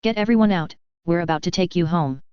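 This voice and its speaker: A woman's voice: on the low side, quick pace, smooth, no room sound, natural voice. Woman reading as a cocky British sergeant. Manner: brash, slangy, swearing. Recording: dry, slightly dull home recording.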